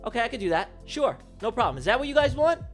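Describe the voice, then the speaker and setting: Male trading streamer, high-pitched, emphatic and repetitive, casual swearing, faint music behind. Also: big pitch swings, quick pace. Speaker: livestream trading host. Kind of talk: live day-trading commentary.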